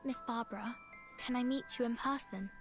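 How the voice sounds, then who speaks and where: A composed young timekeeper in a game, voiced by an actress. She asks calm, direct questions in a slightly high voice. Game music runs clearly behind her. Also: fairly quick, natural voice.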